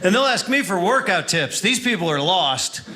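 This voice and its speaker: Young man, stand-up comic, dry wry delivery, high voice, noisy live recording. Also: sing-song, normal speed. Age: young adult. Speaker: stand-up comedian. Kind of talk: stand-up comedy set.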